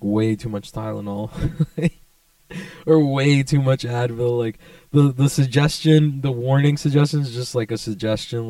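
A young man rambling in a casual, profane vlog monologue, laid-back but jumping to excited bursts. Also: mid-range voice, dry recording, recorded from a distance. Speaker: vlogger.

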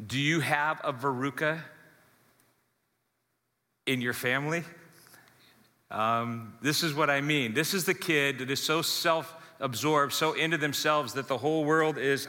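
A man's voice: on the high side, unhurried, pauses often, long reverb tail. A man preaching a sermon as pastor, telling stories animatedly and acting out voices, in a church. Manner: animated storytelling, acts out voices.

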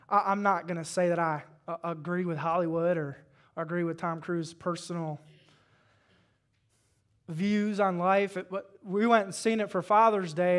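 High-voiced man preaching to a congregation. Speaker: pastor. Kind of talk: sermon.

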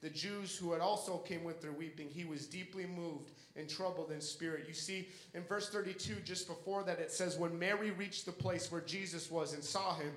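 A man's voice: on the high side, normal speed, few pauses, fairly bright tone, echoey room, poor audio. A young man preaching a sermon with an impassioned, repetitive cadence.

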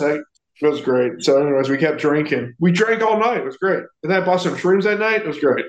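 A man telling a profane, animated story in casual podcast chat. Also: a little high, quick pace, echoey room, muffled recording.

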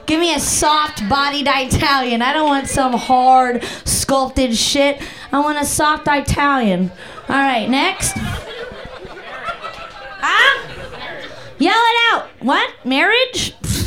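A woman's voice: sits high, lively intonation, slow, a bit bright, slight background noise. A woman doing profane, playful crowd-work stand-up on a comedy club stage with a handheld mic. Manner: brash, profane, playful, bursts into song.

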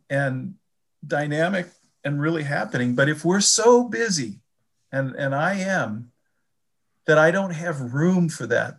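Gravelly older man, reflective and halting. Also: fairly high pitch, fairly bright tone. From Chicago area. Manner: reflective, halting, repeats words. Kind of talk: casual faith conversation.

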